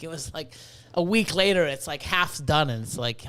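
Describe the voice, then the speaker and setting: Podcast guest: a high-pitched man, excitable and profane, who acts out the voices in his stories. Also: moderate pace. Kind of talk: casual storytelling.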